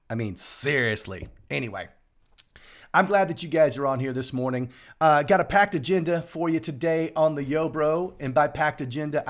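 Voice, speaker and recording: A middle-aged man, hosting a live home stream in a rambling, joking way. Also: a little high. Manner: joking, rambling, quick swings between loud bursts and quiet asides. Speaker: host of a daily live show. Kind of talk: casual live-stream chat. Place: home room. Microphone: live stream over home internet.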